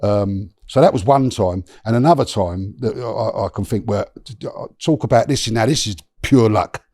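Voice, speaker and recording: A man, a guest on a podcast, telling a story in an animated, slangy way with swearing and many restarts. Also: on the low side, normal speed, no echo, clean studio sound.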